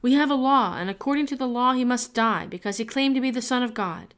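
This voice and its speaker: A woman reading the lines of an angry crowd of religious leaders in a Bible reading, loud and insistent. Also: a little high, fast, pitched above the performer's own voice, natural voice.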